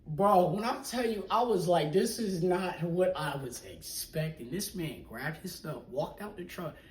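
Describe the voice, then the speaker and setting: Animated young man telling a story. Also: sits high, measured pace. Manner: animated, slangy, acts out quoted people, often drops to a hush. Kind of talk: casual storytime. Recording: echoey room, mic at a distance, faint noise.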